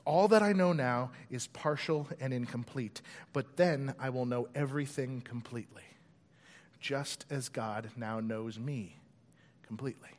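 A pastor preaching a sermon, telling a story in an animated way and acting out its voices. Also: male voice, medium pitch, unhurried. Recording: long hall reverb.

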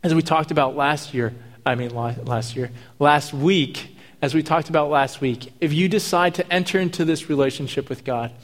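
A man delivers a sermon in a relaxed, conversational way, mixing scripture with jokey asides. His voice sits a little high for a man. The sound carries a long reverb, as if from a large hall. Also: normal speed. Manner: casual, jokey asides between scripture readings. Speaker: pastor.

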